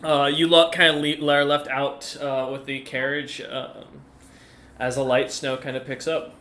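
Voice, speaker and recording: A man's voice: medium pitch, little pitch movement, measured pace, sharp tone, a little hiss or hum. A man narrating a tabletop game as game master, in loose, rambling speech full of fillers.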